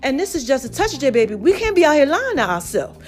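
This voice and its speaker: A woman with a high, sing-song voice moves at a quick pace as she tells a chatty story on her own podcast. Faint music plays underneath, and she addresses her listeners directly, calling them "baby" and "y'all."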